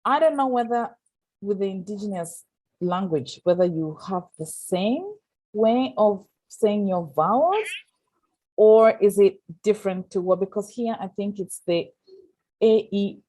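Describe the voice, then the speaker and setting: A woman's voice: medium pitch, expressive, measured pace, mellow. A woman in the audience asking a question at a community talk, hesitant and searching for her words.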